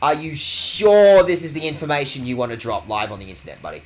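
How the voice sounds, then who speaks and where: Animated, profane game streamer. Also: male voice, on the high side, quick pace, faint music behind. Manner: profane, mock-outraged ranting. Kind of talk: casual game stream commentary.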